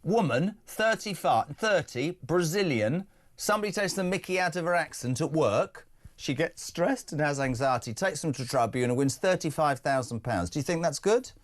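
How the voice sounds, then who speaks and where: A man's voice: on the high side, animated, moderate pace. A middle-aged man hosting a live breakfast radio phone-in, joking and reading out listener messages. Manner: jokey, reads out listener messages. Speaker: radio breakfast show host.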